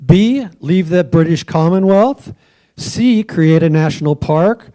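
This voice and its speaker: A man's voice: fairly high pitch, expressive, slow pace, dark tone. A man hosting a trivia quiz at a club meeting, joking with the tables and offering hints for a dollar.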